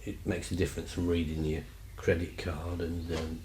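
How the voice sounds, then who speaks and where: A man's voice: low voice, little pitch movement, normal speed, a little mellow, roomy sound, slight background noise, low-quality recording. A man telling stories casually, rambling and chatty with lots of fillers. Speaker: vlogger. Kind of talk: casual storytelling.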